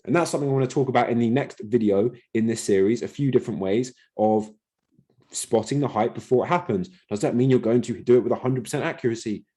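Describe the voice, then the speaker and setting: A man's voice: mid-range voice, fast, dark tone. Emphatic man explaining to camera. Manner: emphatic, repeats words for stress. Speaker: crypto channel host.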